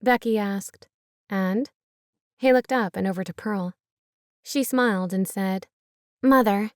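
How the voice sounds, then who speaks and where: A woman narrates a story in an even, measured way at a middle pitch. The recording is dry and close, with no room sound. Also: no echo. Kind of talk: audiobook narration.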